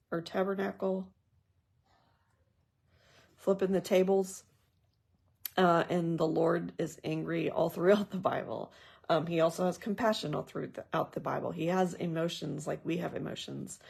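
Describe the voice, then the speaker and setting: A woman who teaches Bible journaling leads a casual Bible study, reading scripture aloud and then discussing it in a thoughtful, conversational way with personal asides. Her voice is fairly low, gravelly, darkish and slightly rough.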